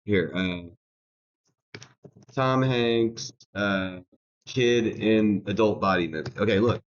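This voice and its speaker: A man's voice: mid-range voice, big pitch swings, normal speed. Mocking lo-fi streamer man. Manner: mocking, laughs often, swears, repeats words. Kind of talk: livestream reaction rant.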